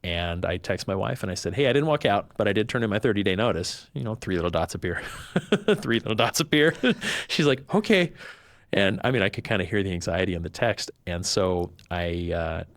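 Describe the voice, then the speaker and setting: Lowish guy spinning a story on a podcast, lively, throws on voices for people he quotes, dry close sound. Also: fairly quick, dry recording. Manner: animated, acts out quoted voices. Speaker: podcast guest. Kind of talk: storytelling in casual chat.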